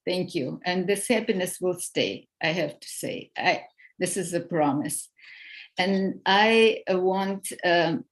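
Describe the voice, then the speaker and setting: A woman's voice: lowish voice, low-quality recording. A woman in an online group speaking earnestly and a little hesitantly. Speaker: discussion group participant. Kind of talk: casual group chat.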